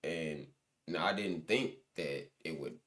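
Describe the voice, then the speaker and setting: Very deep-voiced young man, slangy and loose. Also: slow pace, fairly bright tone. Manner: loose, slangy storytelling with many restarts. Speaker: guest musician. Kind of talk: casual interview chat.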